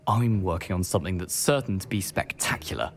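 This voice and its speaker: A man's voice: deep voice, a little fast, music in the background. A man with a British accent voicing a cocky young student potion prodigy in a video game. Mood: eager. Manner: boastful, eager. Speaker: game character.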